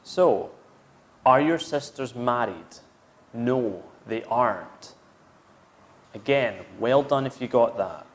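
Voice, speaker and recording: A man's voice: mid-range voice, lively intonation, takes it slowly, pauses often. A man teaching an English grammar lesson, explaining step by step and repeating each example sentence. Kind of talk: slow, patient grammar lesson.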